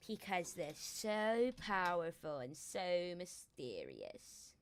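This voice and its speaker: A woman reading aloud and voicing young dragonets in a fantasy book, in a lively, quick manner. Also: on the low side, smooth, exaggerated voice. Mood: complaining.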